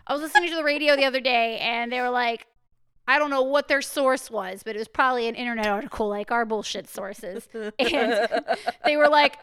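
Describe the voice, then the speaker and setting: A woman's voice: on the high side, a little fast, a bit bright, clear, resonant tone. A woman co-hosting a podcast, chatting casually, swearing freely and telling stories with big laughs. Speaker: podcast co-host. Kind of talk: casual chat.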